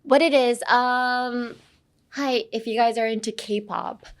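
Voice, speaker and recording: A woman's voice: fairly high pitch, fairly even intonation, slow. A young woman from California teaching English casually, mixing in Japanese and leaning on "um" and "like". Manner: uses lots of "um" and "like" fillers; switches between English and Japanese.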